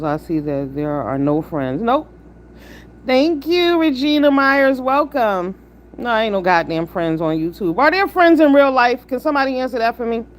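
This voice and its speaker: A woman's voice: fairly high pitch, slight background noise. A woman hosts a live stream, blunt and profane, firing off rhetorical questions and lecturing her chat. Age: 50s. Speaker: livestream host. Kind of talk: live-stream commentary with chat shout-outs.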